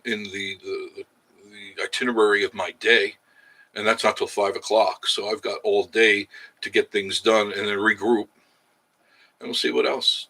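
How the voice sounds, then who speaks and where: A man's voice: lowish voice, pushed and bright, poor audio. A man hosting a casual livestream, chatting in a rambling, candid way as he reads out viewer comments. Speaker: livestream host.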